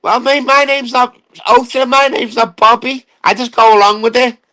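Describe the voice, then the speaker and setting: A man's voice: very high-pitched, flat delivery, normal speed, bright, forceful tone, low-quality recording. A man rants on his live stream, taunting an absent rival and swearing as he rambles. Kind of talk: ranting casual live stream.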